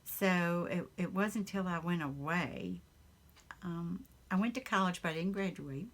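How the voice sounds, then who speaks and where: This Southern-accented woman, a craft vlogger, talks in a lowish voice while working on projects in her craft room at home. The chat is casual and rambling, full of chuckles and ums in the pauses.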